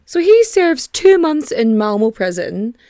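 A woman's voice: a little high, big pitch swings, unhurried, warm tone, no room sound, studio quality. A young woman hosting a podcast, telling a true-crime story in a chatty, digressive way with casual swearing. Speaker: podcast host.

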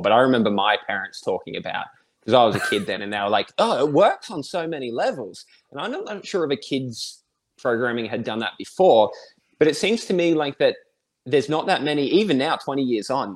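An Australian man in his thirties, a podcast guest who thinks aloud in a relaxed, reflective way with many fillers. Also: medium pitch. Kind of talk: casual conversation.

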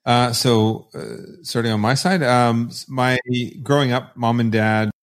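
A man from Canada, a guest in a podcast interview, telling stories in a relaxed way with many fillers. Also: medium pitch, a little slow. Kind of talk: casual interview chat.

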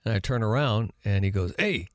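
A man co-hosting a radio podcast, telling a story in a relaxed, chatty way and acting out quoted lines. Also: on the low side, fairly quick, no room sound, studio quality. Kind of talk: casual storytelling chat.

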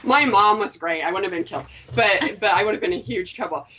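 A woman's voice: medium pitch, fairly quick, slight background noise. A woman co-hosting a casual talk show, telling a personal story in an earnest way. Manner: earnest storytelling, animated quoted voices. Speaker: co-host. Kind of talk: casual chat. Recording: voice from a distance off the mic.

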